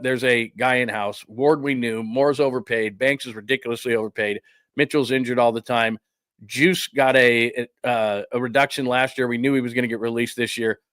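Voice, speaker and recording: A man talking through football news on his own podcast, blunt and opinionated, firing off his points in quick bursts. His voice sits at a middle pitch and sounds close and dry, with no room echo. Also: a bit bright. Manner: blunt, opinionated, rapid-fire. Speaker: sports podcast host. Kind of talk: solo sports commentary.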